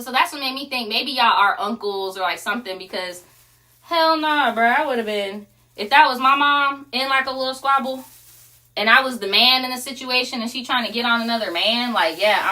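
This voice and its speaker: A woman's voice: on the high side, bright, forceful tone. A young woman, telling a casual story full of profane slang. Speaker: streamer.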